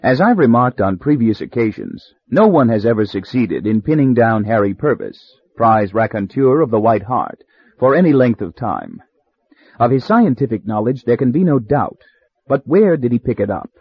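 A man narrating a story in a measured, wry way, with a husky voice. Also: mid-range voice, big pitch swings. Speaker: audiobook narrator. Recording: slightly dull dry recording.

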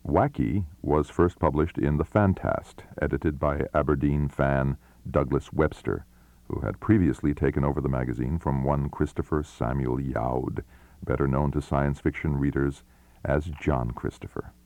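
A man with an extremely deep voice reading background notes in a plain, informative way, recorded close and dry. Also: steady tone, normal speed, darkish tone, no echo. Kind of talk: scripted narration.

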